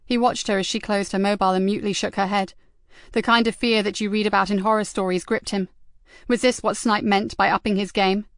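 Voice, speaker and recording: In clean, dry studio sound, a woman narrates an audiobook from a script. Her medium-pitched delivery stays steady and measured, like a calm storyteller.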